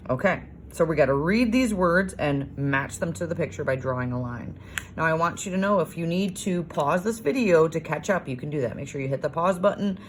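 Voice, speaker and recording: A woman teacher recording a homework lesson for young children, sounding out words slowly and praising often. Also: deep voice, animated, a little hiss or hum. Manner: slow, sing-song sounding out of letters and words; encouraging, praising.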